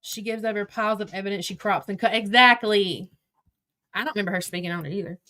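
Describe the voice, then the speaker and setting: This middle-aged host talks fast in a mid-range voice that is pushed and bright. She's on a profane, combative livestream tirade, calling out her chat and her absent critics directly.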